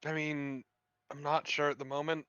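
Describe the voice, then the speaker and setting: Player, male, sharp-toned and jokey, dry close sound. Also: fairly high pitch, little pitch movement, normal speed, smooth, no echo, highs cut off. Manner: joking, crude, laughing easily. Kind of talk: casual in-character tabletop chat.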